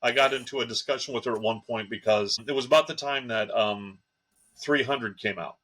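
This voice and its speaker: A man's voice: medium pitch, fairly quick, fairly bright tone, slightly rough, low-quality recording. A man with a mid-range voice tells stories on a casual podcast. He builds his point step by step and plays out both sides of a conversation. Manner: storytelling, acts out quoted exchanges. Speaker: podcast co-host. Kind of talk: casual chat.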